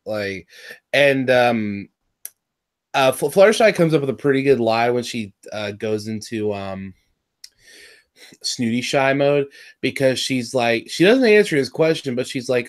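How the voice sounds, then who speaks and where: A man from California with a Californian accent, co-hosting a casual review chat, rambling and excitable with lots of fillers and restarts. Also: medium pitch, slow pace. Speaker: podcast co-host reviewing a cartoon episode.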